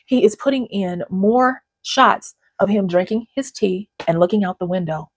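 Husky-voiced woman chatting to camera. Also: mid-range voice, moderate pace. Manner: conversational and digressive, with frequent restarts and repeated words. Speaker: channel host. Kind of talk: casual talking-head commentary.

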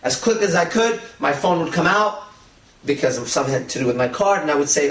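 A man's voice: fairly high pitch, lively intonation, fast, fairly bright tone. A man giving a dating-coach lecture, telling stories in a brash, swaggering way and swearing casually. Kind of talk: lecture with anecdotes. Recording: roomy echo, voice from a distance.

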